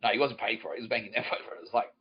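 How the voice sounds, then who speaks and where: A man's voice: fairly low pitch, steady tone, very fast, dull audio, a little hiss or hum. A man hosting a podcast, telling a rambling, profane comic story and mimicking people's voices. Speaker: podcast host. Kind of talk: comedic storytelling monologue.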